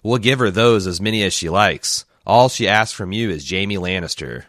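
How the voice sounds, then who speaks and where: A man reading aloud as a big, gruff northern man who delivers grim demands bluntly. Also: on the low side, moderate pace, a bit bright, no room sound, clean studio sound, lightly acted.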